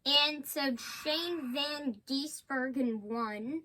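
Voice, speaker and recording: High, bright young-sounding woman co-host. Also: drawn-out words, poor audio. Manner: brief, hesitant answers. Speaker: podcast co-host. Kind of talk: casual racing podcast chat.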